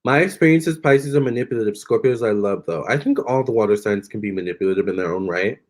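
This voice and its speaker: A man's voice: on the low side, fast talker. A young man hosting a live tarot stream, chatting casually and reading out viewers' comments with lots of fillers and restarts.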